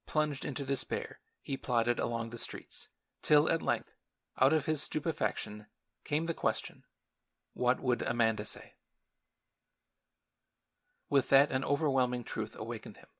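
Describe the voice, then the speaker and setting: A man reading an audiobook in a steady, measured narration. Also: medium pitch, no echo. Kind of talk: scripted narration.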